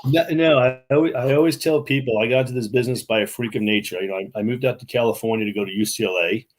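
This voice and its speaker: Speaking quickly in a mid-range voice, a middle-aged man from New York guests on a video-call interview. His talk is casual storytelling: chatty anecdotes, frequent restarts, and mimicry of the people involved.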